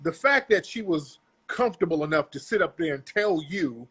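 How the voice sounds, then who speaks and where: Blunt, profane husky man ranting. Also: a little high, expressive, moderate pace, few pauses, a bit bright. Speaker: commentator. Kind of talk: ranting commentary on a video clip.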